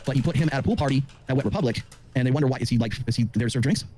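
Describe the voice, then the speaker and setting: A middle-aged man who lectures with rapid confidence, full of fillers, as a dating commentator on a podcast. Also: mid-range voice, warm tone, a little hiss or hum. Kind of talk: monologue on a podcast.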